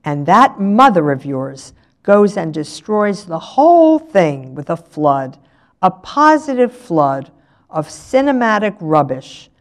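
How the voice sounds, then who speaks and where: A woman's voice: on the low side, sing-song, slow pace, exaggerated voice. Older woman doing a haughty lecturing mother. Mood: indignant. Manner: indignant, lecturing, overly precise. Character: haughty, exasperated middle-aged mother.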